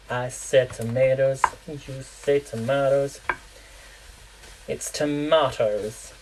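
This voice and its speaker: A man's voice: mid-range voice, fairly even intonation, slow, darkish tone, slight background noise, rough recording. A man chatting casually to viewers during a live cooking stream. He rambles, laughs often and quizzes viewers on words. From England. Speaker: live-streaming home cook.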